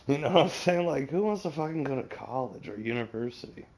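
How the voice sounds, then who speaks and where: Streamer: gravelly guy, rambling, swears a lot, loose casual chat. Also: medium pitch, expressive, brisk, a little mellow. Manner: profane, rambling, advice-giving. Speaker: game streamer.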